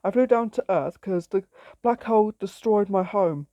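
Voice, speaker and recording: A woman's voice: medium pitch, normal speed, no echo, dull audio, natural voice. A woman voicing a small, friendly alien cat with a polite, matter-of-fact way of talking, in a read-aloud story.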